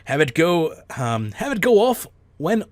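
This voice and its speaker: A man's voice: a little high, sing-song, measured pace, no echo, clean studio sound, pitched above the performer's own voice. A man reading a forum post in an attempted Irish accent that drifts toward Scottish, stumbling over the words. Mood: demanding.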